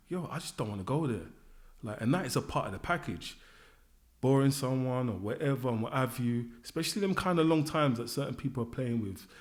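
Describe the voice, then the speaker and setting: Man in his thirties, solo podcast host, candid and rambling, slangy fillers, mid-pitched. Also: darkish tone. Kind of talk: reflective solo podcast monologue.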